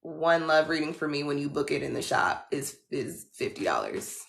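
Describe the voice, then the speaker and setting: Chatty woman tarot reader live from home, slangy and blunt, gravelly lower voice, echoey room. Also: little pitch movement, brisk, slight background noise. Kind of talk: casual livestream talk.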